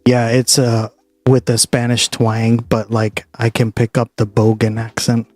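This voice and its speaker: A man's voice: medium pitch, completely flat delivery, unhurried, a little mellow, dry recording. A streamer with a mid-range voice talks in a laid-back way and reacts to his chat. Faint music plays behind him. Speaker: streamer host.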